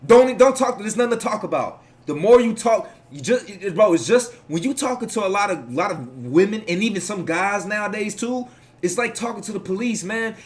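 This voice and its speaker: A man delivering casual reaction commentary with a fairly high voice. He preaches and rambles, swearing freely as he lectures his audience about how to live. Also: expressive, fairly quick.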